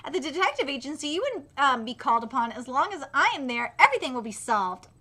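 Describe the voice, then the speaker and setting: A woman's voice: high-pitched, sing-song, quick pace, bright, forceful tone, pitched below the performer's own voice, full character voice. A woman reading as a cocky young detective. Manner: breezy, self-assured. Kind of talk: reading manga dialogue aloud.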